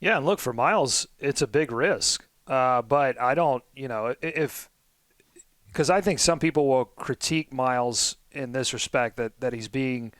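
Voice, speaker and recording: A man's voice: medium pitch, measured pace, a bit bright, no echo. A man co-hosting a sports podcast, rambling and self-deprecating with lots of restarts. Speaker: podcast co-host. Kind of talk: casual sports podcast chat.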